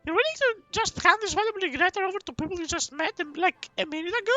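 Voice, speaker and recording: A man voicing an eager, chatty monastery trader in a high falsetto, reading game dialogue aloud. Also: expressive, quick pace, bright, forceful tone, lo-fi sound, soft background music, exaggerated voice.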